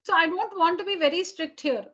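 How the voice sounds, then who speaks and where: Woman, teacher, high voice, patient, repeats herself, online class, computer mic, lo-fi audio. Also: brisk, fairly bright tone. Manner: patient, repeats and rephrases points. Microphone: computer mic on a video call.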